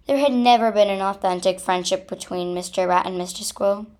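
A woman reading a children's story aloud and closing her channel video, with expressive, dramatic delivery. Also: medium pitch, a little fast.

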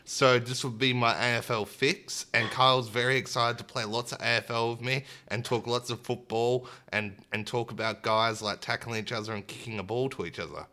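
A man's voice: mid-range voice, fairly even intonation, a little fast, few pauses, sharp tone. A young man co-hosting a podcast in casual, upbeat chat, often acting out little voices. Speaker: podcast co-host.

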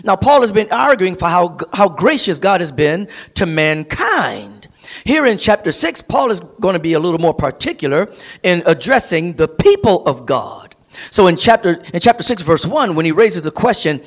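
A man's voice: high-pitched, very animated, moderate pace. A male pastor preaching an emphatic sermon to a streamed congregation. He repeats and builds phrases, rising to near-singing on key words. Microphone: streamed service.

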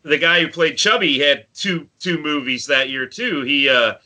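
A man's voice: a little high, normal speed, pushed and bright. A man in his forties chatting casually about a favorite movie and telling a story from his youth. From grew up in the countryside. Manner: storytelling, acts out friends' voices. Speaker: podcast co-host.

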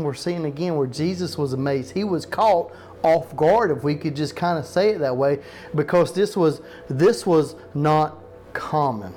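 A man preaching a sermon, reading scripture slowly for emphasis and asking the listeners questions. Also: a little high, a little mellow. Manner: slows down to stress verses, asks the listeners questions.

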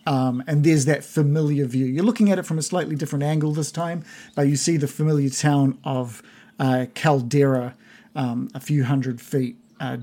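A game master narrating a tabletop game, halting, with many restarts. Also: mid-range voice, steady tone, dark tone. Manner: hesitant, full of restarts.

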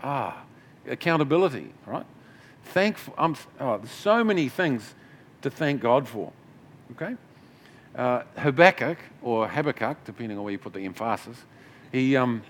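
A middle-aged man preaching a sermon as pastor, in a conversational way with asides and restarts. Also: mid-range voice.

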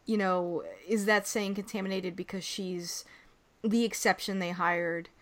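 A woman's voice: medium pitch, fairly even intonation, measured pace. A woman talking casually about a movie, hedging her points with "like" and "I don't know". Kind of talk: casual film discussion.

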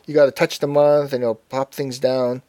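A man's voice: medium pitch, level tone, normal speed, warm tone, no echo. A man co-hosting a casual tech podcast, talking in an easygoing, rambling way full of asides. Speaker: podcast co-host.

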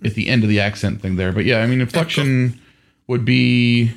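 A man's voice: mid-range voice, moderate pace, creaky. A man co-hosting a podcast, explaining voice and volume tips hesitantly, with lots of "um" and "you know". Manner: hesitant, many fillers, explanatory. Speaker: podcast co-host. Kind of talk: casual tabletop gaming chat.

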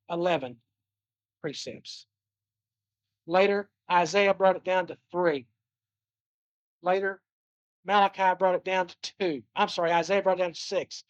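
A man preaching a sermon. He talks earnestly, repeats his phrases and slows down to stress scripture. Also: sits high, no room sound. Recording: dull lo-fi dry recording.

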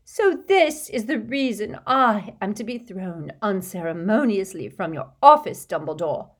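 A woman's voice: mid-range voice, very animated, a little slow, pitched above the performer's own voice. A woman voicing a theatrical, eccentric female seer and teacher with injured pride, declaiming indignantly. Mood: wounded indignation.

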